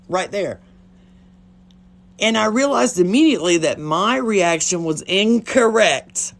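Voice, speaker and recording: A woman's voice: mid-range voice, animated, slow pace, pauses often. A blunt, chatty woman with a drawl tells stories straight into her phone on a livestream. Her voice swings up and down expressively, and she swears without a second thought. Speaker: livestream host. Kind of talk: casual storytelling on a livestream.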